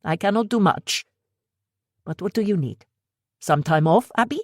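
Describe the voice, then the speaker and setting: A woman voicing a tall male shopkeeper with a heavy accent who talks in quick, clipped bursts. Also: medium pitch, lively intonation, darkish tone, no echo, clean studio sound, pitched above the performer's own voice, natural voice. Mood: brisk. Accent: heavy foreign accent, put on.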